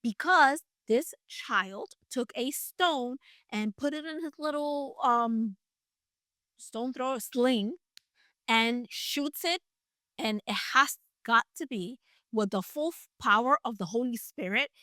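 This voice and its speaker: Bright, chatty woman retelling Bible stories. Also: a little high, slow, dry recording, clean studio sound. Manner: chatty, conversational asides and playful emphasis. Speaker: Bible storyteller. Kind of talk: casual Bible story retelling.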